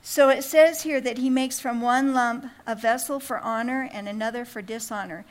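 A woman teaching a Bible study to women, talking casually with quick asides and then reading scripture out with emphasis. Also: fairly high pitch, steady tone.

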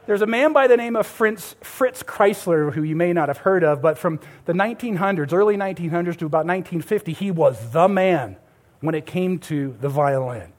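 A middle-aged male pastor with a high voice preaches to his congregation at a brisk, animated pace, telling a story and addressing listeners as "beloved."

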